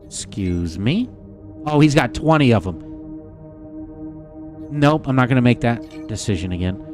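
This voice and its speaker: A man streaming a game live, talking straight to his viewers in a loose, chatty way. His pitch swings widely as he gets worked up, and he swears casually. Faint music plays underneath. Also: expressive, measured pace, darkish tone. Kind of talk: live gameplay commentary to chat.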